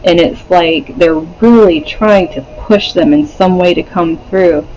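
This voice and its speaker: A man's voice: high voice, a little slow, darkish tone, slight background noise, low-quality recording. A man doing a casual pick-a-card tarot reading, rambling with many fillers, swearing and laughing often. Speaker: tarot reader.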